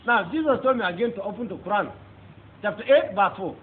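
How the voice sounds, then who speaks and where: A man's voice: high voice, lively intonation, fairly quick. A man with a Nigerian accent giving a fervent, emphatic testimony sermon as a preacher. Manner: fervent, emphatic, rising into exclamations. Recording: tinny phone-like audio with faint noise.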